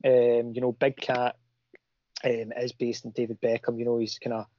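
A man's voice: medium pitch, monotone, moderate pace, warm tone. A middle-aged man, a comic creator talking casually in a rambling way, full of restarts and fillers. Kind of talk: casual chat. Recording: dull lo-fi audio.

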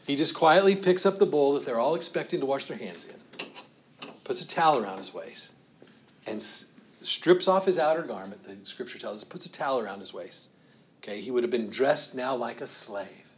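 A man preaching a sermon, telling the story in an animated way with slow, emphatic phrases and quiet asides. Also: mid-range voice, highs cut off, slight background noise. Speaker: pastor.

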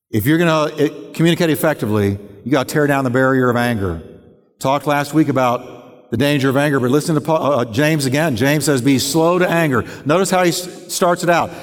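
A man preaching a sermon as pastor, emphatic and dramatic, acting out examples as he goes. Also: mid-range voice. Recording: long reverb of a large hall.

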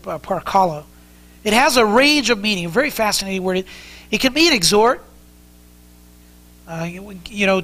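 A man's voice: high voice, a bit bright, low-quality recording. A man preaching an expository sermon as pastor, earnest and conversational as he explains the text. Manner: earnest, conversational teaching with frequent restarts.

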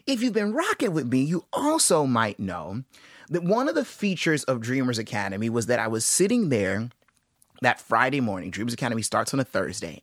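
A young man in his twenties hosting a podcast, telling stories in a casual, animated and enthusiastic way with playful asides. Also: medium pitch, no echo, studio quality. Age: 20s. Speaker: podcast host. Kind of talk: casual storytelling monologue.

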